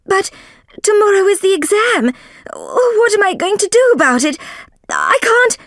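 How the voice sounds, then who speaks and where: A woman voicing an anxious male college tutor in a slow storybook reading, with a high, pleading manner. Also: animated, darkish tone, no room sound, studio quality.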